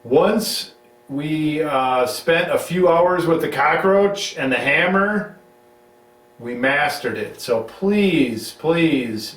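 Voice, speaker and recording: A middle-aged man hosts a casual home-recorded chat, rambling and teasing his co-host, often restarting his sentences. His voice sits at a middle pitch. The room rings around him and he sits a little back from the mic. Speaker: show host. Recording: roomy sound, mic at a distance.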